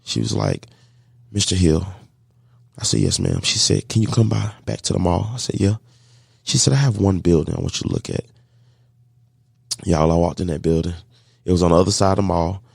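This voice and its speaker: A man with a deep, gravelly voice tells his story with animated energy, slipping into the voices of the people he met along the way. The sound is dry and close, with no room around it. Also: a little fast, long pauses, dry recording. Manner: animated storyteller acting out dialogue, faith-filled. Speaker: guest, catering business owner. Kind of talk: storytelling in a podcast interview.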